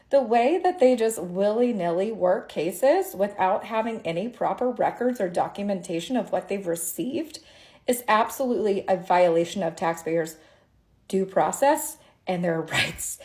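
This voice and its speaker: A woman's voice: mid-range voice, a little mellow. A woman tax attorney rants straight to camera, her voice sitting in an ordinary middle register. She is exasperated and sarcastic, leaning hard on each point. She sounds worn out after a full day of work. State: tired at the end of a long day. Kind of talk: ranting story monologue to camera.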